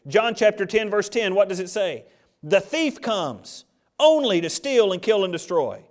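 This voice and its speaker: A man's voice: high voice, very animated, measured pace. A man preaching a sermon, reading scripture aloud and building to emphatic, rising peaks. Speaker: pastor.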